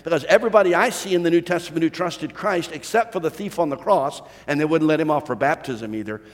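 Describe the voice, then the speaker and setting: Male pastor, higher voice, emphatic sermon delivery, echoing sanctuary. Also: fast. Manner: preaching with rising emphasis and rhetorical questions.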